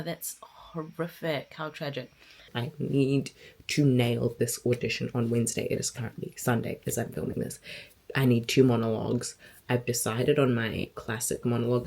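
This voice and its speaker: A woman in her twenties vlogging casually to camera, chatty and rambling, her voice hoarse and sore. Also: extremely low pitch, darkish tone. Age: 20s. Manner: chatty, rambling, self-talk. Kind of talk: casual vlog chat.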